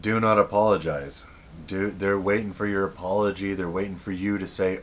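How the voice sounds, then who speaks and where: Man, very low voice, blunt and repetitive, casual advice talk, faint background hum. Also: fairly even intonation, moderate pace. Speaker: self-help video host.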